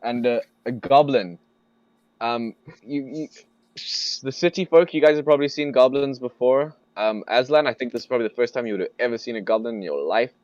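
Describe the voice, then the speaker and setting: A man narrating as game master in a relaxed, hesitant way with many fillers. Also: mid-range voice, brisk, no echo, lo-fi sound.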